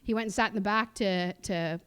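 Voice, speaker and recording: A Musqueam woman from Canada, appearing as a guest speaker at a cultural sharing, chats about her own life on a theatre stage, laughing often and peppering her talk with fillers and restarts. Her mid-range voice moves fairly quickly, with a fairly bright, smooth tone.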